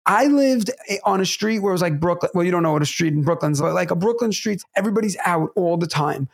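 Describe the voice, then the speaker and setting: A man, co-hosting a podcast and telling lively stories, acting out the neighbors and swearing casually. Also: sits high, quick pace, creaky. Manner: animated, acts out neighbors' voices, swears casually. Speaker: podcast co-host. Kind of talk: casual storytelling chat.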